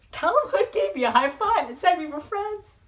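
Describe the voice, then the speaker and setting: A young woman telling an excited storytime vlog, rambling and giggly, with lots of fillers and restarts. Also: high voice. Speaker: vlogger.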